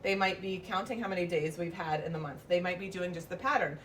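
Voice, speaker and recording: A woman's voice: lowish voice, quick pace, a bit bright. A preschool teacher, a woman, walks through her classroom routine and drops into a sing-song teacher voice whenever she demonstrates. She is picked up from some distance in an indoor classroom, with a faint hum of background noise.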